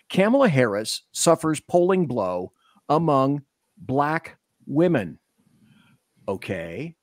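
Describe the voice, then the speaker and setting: A man's voice: fairly high pitch, big pitch swings, slow pace, pauses often, dry recording, studio quality. A man on a political panel, reading a news article aloud in a casual way.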